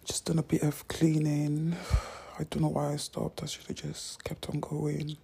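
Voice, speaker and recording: A woman's voice: low-pitched, monotone, moderate pace, gravelly, mellow, husky. A young woman, vlogging casually from home into a phone in a rambling, self-mocking way, often dropping into whispers. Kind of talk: casual unedited vlog.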